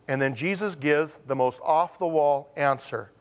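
A man preaching from the pulpit, his voice sitting a bit higher than most men's. He tells stories with animated, acted-out quotes, then slows to a firm, deliberate pace to drive home each point. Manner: animated storytelling, acts out quotes with sudden pitch jumps; slows to a deliberate, emphatic delivery on key points. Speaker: pastor. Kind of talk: sermon.

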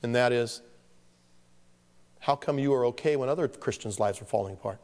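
A pastor preaches a sermon in a medium-pitched, darkish voice at normal speed, telling stories with self-deprecating humor and acting out the voices of the people in them. A long hall reverb surrounds the recording.

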